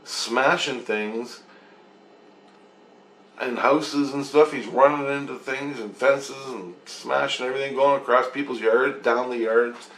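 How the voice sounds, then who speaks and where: A man tells a long, rambling story in casual, profane language and retells the events animatedly. His voice is gravelly and sits at a middle pitch. The recording has a roomy echo. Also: steady tone, a little slow, fairly bright tone, a little hiss or hum.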